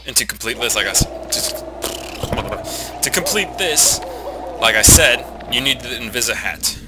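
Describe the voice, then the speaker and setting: A man's voice: medium pitch, lively intonation, moderate pace, very noisy. A young man with a nasal voice, rambling and swearing casually while commentating a video game he is playing. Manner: rambling, swearing, self-mocking asides. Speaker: let's play commentator. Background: game music.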